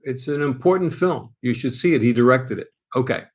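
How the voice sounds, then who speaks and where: Animated male podcast storyteller. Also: mid-range voice, fairly quick. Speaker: podcast co-host. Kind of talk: casual storytelling.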